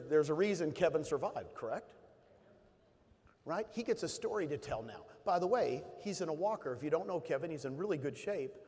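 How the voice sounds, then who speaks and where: Man, motivational speaker, emotional storytelling, fairly high voice, long hall reverb. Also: darkish tone. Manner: emotional storytelling, rising to emphatic bursts. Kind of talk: motivational talk to an audience.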